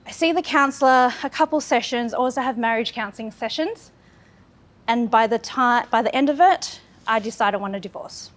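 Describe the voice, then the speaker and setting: Her fairly high voice moves at a moderate pace. In her thirties and from Australia, she gives an earnest, candid talk about her own life, layered with repeated phrases.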